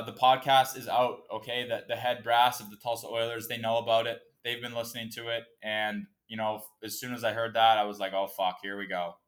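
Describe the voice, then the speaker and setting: A man's voice: medium pitch, a bit bright. Profane, fired-up man hosting a podcast. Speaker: podcast host. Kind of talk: casual solo podcast rant.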